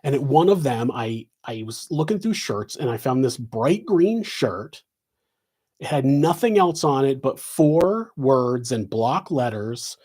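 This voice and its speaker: A man's voice: medium pitch, lively intonation, measured pace, a little mellow, breathy edge. A middle-aged man hosting a live question-and-answer stream, talking in a loose, meandering way with many restarts. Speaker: host answering viewer questions. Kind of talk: rambling live Q&A chat. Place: home office.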